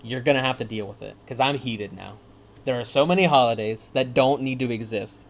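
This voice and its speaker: A man's voice: mid-range voice, fairly quick, vocal fry. A man giving gameplay commentary, ranting in a profane, sarcastic way. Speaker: let's play host.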